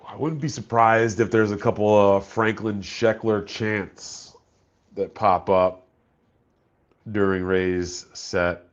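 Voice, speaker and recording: A man's voice: lowish voice, fairly even intonation, slow, lo-fi sound. A man chatting casually on a live stream, laid-back and profane, reading chat messages aloud.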